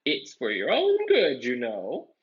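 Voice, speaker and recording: A man voicing a mischievous, cackling male poltergeist in a shrill sing-song squeal, read from a storybook. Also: wildly swooping pitch, slow pace, slightly rough, full character voice. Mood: taunting. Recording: dull lo-fi recording.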